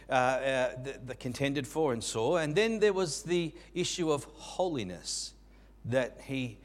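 A middle-aged male pastor preaching a sermon in an earnest way, with frequent restarts and fillers. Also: on the high side.

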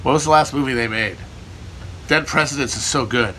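A man's voice: mid-range voice, brisk, sharp tone, slight background noise. A man hosting a casual livestream, answering viewer questions in a rambling, irreverent, profane way. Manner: irreverent, profane, riffing, jokey. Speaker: livestream host answering chat.

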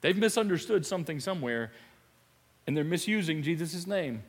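A man preaching a sermon. He is animated and emphatic, repeats phrases and laughs often. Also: fairly high pitch, moderate pace, slightly rough, long reverb tail. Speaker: pastor. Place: church sanctuary.

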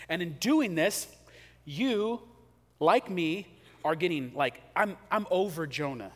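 Animated male preacher in a reverberant hall. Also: on the high side, slow. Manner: conversational, animated, acts out quotes. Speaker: pastor. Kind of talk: sermon.

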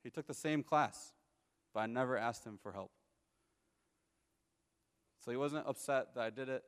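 A man's voice: mid-range voice, moderate pace, in a large hall. A young man in his twenties telling a personal testimony to an audience, casual storytelling that keeps checking in with listeners. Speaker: speaker giving a personal testimony.

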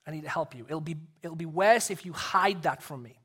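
Male pastor, 30s, higher-pitched voice; earnest sermon delivery with soft hushed stretches. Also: brisk, husky. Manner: earnest, drops to a soft hush for emphasis.

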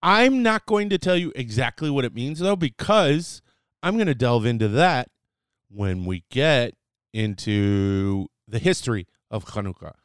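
A man's voice: mid-range voice, sing-song, measured pace, smooth, no echo, clean studio sound. A man hosting a casual segment, teaching a few words in a playful, chatty way with fillers and self-corrections. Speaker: host teaching Hebrew words. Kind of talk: casual podcast lesson.

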